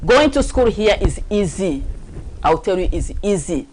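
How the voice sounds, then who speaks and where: A woman with an African French accent, her first language French, hosts a casual talk show. She talks emphatically and with lively energy. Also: mid-range voice, a little slow, a little hiss or hum, poor audio. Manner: lively, emphatic, laughs often. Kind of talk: casual chat.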